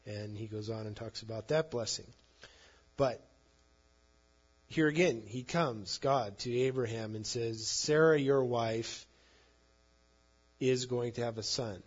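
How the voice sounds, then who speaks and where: A man preaches a sermon, reading scripture and then retelling it in plain, everyday conversational words as Bible teaching. His mid-range voice is husky and slow, broken by long pauses, and the recording has a lo-fi sound.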